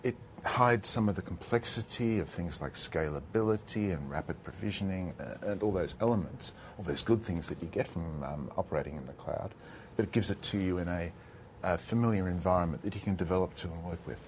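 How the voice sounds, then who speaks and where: Deep-voiced man explaining steadily. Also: slight background noise. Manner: measured, explanatory. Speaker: industry guest. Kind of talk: panel discussion.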